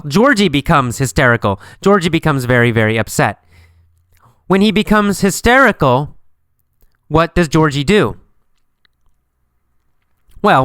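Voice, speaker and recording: A man teaching an English lesson, asking simple questions and answering them himself, slowly and with a lot of repetition. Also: mid-range voice, fairly bright tone, clean tone, dry recording, studio quality.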